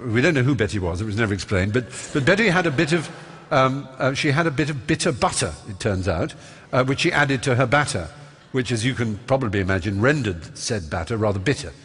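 An English man talking on a concert-hall stage, telling stories quickly and fluently and mimicking people fondly. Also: mid-range voice, animated, a bit bright, breathy edge. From England. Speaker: guest on stage. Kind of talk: live on-stage conversation.

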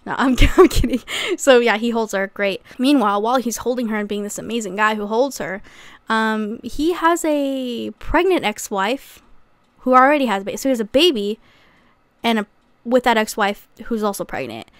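A woman's voice: fairly high pitch, moderate pace, no echo. A young woman recapping a memoir in a casual, chatty way, with sarcastic asides and acted-out quotes. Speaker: YouTuber.

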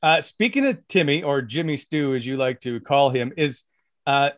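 A man's voice: mid-range voice, expressive, moderate pace, no room sound. Chuckling man with a dry close sound. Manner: curious, chuckling, with many "uh"s. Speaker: podcast co-host. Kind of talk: casual interview chat.

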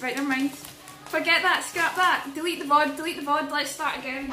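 A young woman livestreaming and chatting casually, excitable and sweary, breaking into shrieks. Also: high-pitched, moderate pace, faint music behind.

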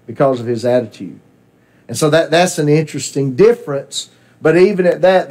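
A man's voice: sits high, darkish tone. A man teaching a Bible class in a church classroom, asking questions and repeating his students' answers.

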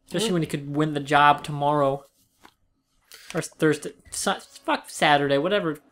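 A man's voice: on the high side, moderate pace, fairly bright tone, slight background noise. Young man swearing through game commentary. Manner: crude, joking banter. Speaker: let's play commentator. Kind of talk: casual gaming commentary.

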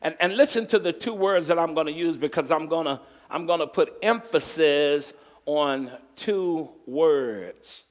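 A male pastor delivers a sermon at an unhurried pace, leaning hard on key words and drawing them out. His voice sits a little high for a man, and a long reverb from the church sanctuary trails behind it. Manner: emphatic preaching, drawn-out stressed words, call and response. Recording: long reverb from a large hall.

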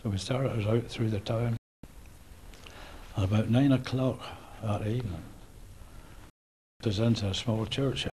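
A Northern Irish man in his eighties, a war veteran recalling events in a halting oral history interview with restarts and soft chuckles. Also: on the low side, steady tone, a little hiss or hum, low-quality recording. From Northern Ireland. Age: 80s.

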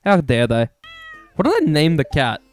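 A man's voice: fairly high pitch, huge pitch swings, moderate pace, soft background music. A young Australian man giving rambling, profane, self-mocking commentary over his own gameplay. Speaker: gaming YouTuber.

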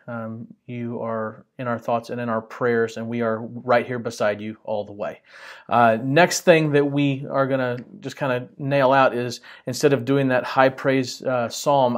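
A male pastor teaching a church Bible study in an earnest, gentle way, with many halting pauses. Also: medium pitch.

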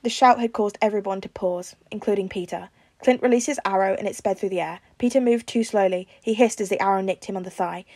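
A woman reads a fan fiction story aloud in an even, storytelling manner. Her voice sits at an ordinary middle pitch. The recording is close and dry, with no room sound. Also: quick pace, no echo. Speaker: podfic reader.

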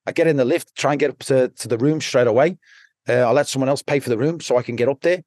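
A man with a Scouse accent recounts his past in a loose, rambling way, dropping swear words into nearly every sentence. His voice sits at an ordinary middle pitch, and the sound is dry and close with no room echo. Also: fast talker, darkish tone. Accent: Liverpool (Scouse). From Liverpool, England. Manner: blunt, rambling, swears constantly. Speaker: podcast guest. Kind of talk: casual storytelling.

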